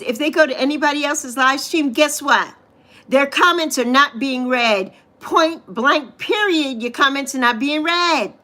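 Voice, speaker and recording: A woman's voice: sits high, a bit bright. A woman in her sixties hosting a casual livestream, chatting straight to her viewers and calling them honey. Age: 60s. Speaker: livestream host reading viewer comments. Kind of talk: casual live chat. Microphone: phone or webcam on a livestream.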